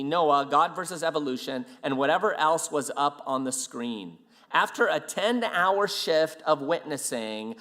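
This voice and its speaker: A man speaking at a ministry event, telling a story in an animated way and acting out the quotes. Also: on the high side. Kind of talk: storytelling sermon.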